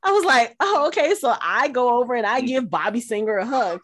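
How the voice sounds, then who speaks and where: Animated storytelling woman, dry close sound. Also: fairly quick, dry recording. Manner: animated, acts out quotes in high voices. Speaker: podcast co-host. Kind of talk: casual chat, storytelling.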